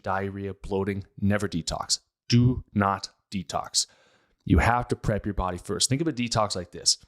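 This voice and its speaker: A man from Pittsburgh hosting a health podcast, talking emphatically and firing off rhetorical questions. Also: on the low side. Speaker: podcast host, health practitioner. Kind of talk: casual health podcast monologue.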